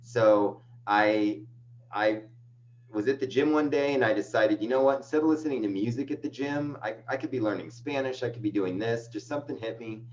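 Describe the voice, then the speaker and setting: A man's voice: mid-range voice, brisk, darkish tone. A man guest on a casual video call interview, telling a long, rambling, self-deprecating story. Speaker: guest, agency owner. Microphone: video call microphone. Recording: dull lo-fi video call with faint hum.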